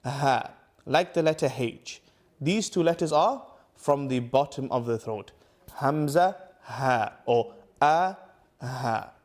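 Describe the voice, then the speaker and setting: A man teaching Quran recitation to camera, patiently repeating letter sounds slowly for the viewer. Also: medium pitch, animated, darkish tone. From United Kingdom. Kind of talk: tajweed lesson to camera.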